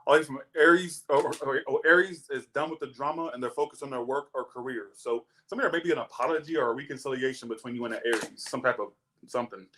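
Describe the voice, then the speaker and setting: A man's voice: medium pitch, quick pace, pushed and bright, a little hiss or hum. A young man, chatting casually and animatedly as he tells stories and reads tarot, swearing freely. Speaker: tarot reader. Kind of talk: casual storytelling and tarot reading.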